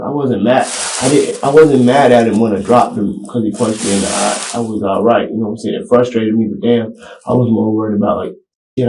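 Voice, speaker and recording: A man speaking in a recorded police interview with a dark, mellow voice. He rambles and restarts his sentences, filling gaps with "you know what I'm saying". The old interview tape has an echoey room sound. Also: lowish voice. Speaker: suspect being interviewed by detectives.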